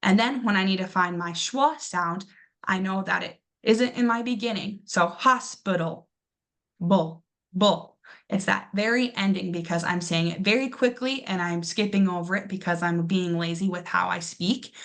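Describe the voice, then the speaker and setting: A young woman teaching a pronunciation lesson, patiently encouraging her students and repeating each word slowly. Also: medium pitch, creaky, a bit bright.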